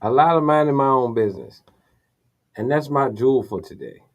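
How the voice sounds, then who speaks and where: A man talking calmly and reflectively, sharing advice as a co-host. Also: medium pitch, fairly quick. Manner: calm, reflective, advice-giving.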